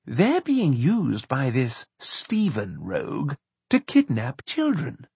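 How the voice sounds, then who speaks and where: A man reading an audiobook, voicing a tetchy, wry gentleman in a raised, clipped voice. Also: mid-range voice, wildly swooping pitch, slow, husky, dry recording, heavily acted. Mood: fretful.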